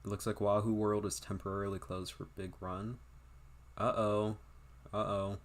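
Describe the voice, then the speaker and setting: A young man rambles through a casual game livestream, tossing out offhand remarks and frequent swearing. His voice sits very low and deep. He talks loosely to his viewers, often trailing off mid-thought. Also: flat delivery, moderate pace. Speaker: game streamer.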